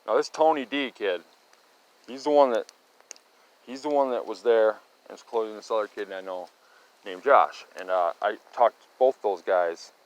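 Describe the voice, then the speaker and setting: A middle-aged man with a lowish voice tells a rambling story about local sightings, often starting over and tagging lines with "right?" and "okay?". The recording is rough.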